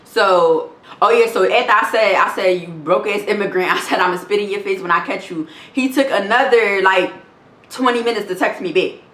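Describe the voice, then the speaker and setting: A woman's voice: mid-range voice, moderate pace, a bit bright. A young woman telling a storytime vlog, reading text messages aloud in a blunt, profane, indignant way. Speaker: vlogger. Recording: roomy echo.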